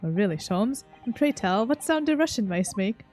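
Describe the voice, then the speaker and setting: A woman's voice: mid-range voice, lively intonation, normal speed, a little mellow, faint music behind, pitched below the performer's own voice, close to an everyday voice. A woman voicing an earnest young man who speaks with dry, polite sarcasm. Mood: wry.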